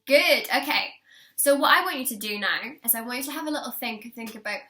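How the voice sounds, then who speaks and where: A young woman teaching a singing lesson, encouraging her students and demonstrating warm-up lines for them to copy. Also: on the high side, fast, soft background music.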